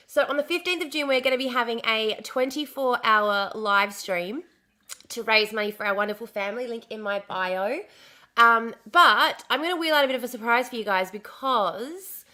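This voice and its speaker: Chatty Australian woman, slightly hoarse. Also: a little high, normal speed. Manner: chatty, repeats words, greets viewers excitedly. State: slightly hoarse, recovering from lost voice. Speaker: live streamer. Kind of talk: casual live stream chat.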